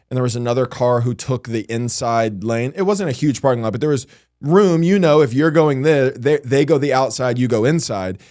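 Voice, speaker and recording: A man's voice: mid-range voice, no echo, clean studio sound. A man hosting a casual comedy podcast, telling stories with lots of swearing and acted-out quotes. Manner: animated storytelling, swearing, acting out quotes. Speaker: podcast host.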